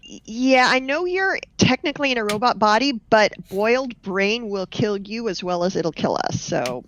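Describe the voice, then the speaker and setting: A woman's voice: mid-range voice, animated, moderate pace, a bit bright, a little hiss or hum. A woman playing a tabletop role-playing game, cautiously giving the others directions. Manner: cautious, bossy. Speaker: player. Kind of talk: tabletop role-play chat. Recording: dull lo-fi sound.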